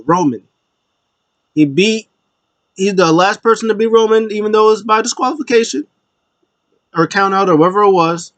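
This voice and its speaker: Animated man recapping with acted-out quotes. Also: sits high, no room sound. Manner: animated retelling, acts out quotes, many fillers and laughs. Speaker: wrestling recap host. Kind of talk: casual recap commentary.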